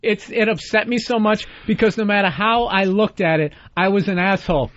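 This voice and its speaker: A man's voice: sits high, a little fast, lo-fi sound. A man hosting a casual comedy podcast, telling profane stories with lots of energy. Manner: profane, animated storytelling with put-on voices.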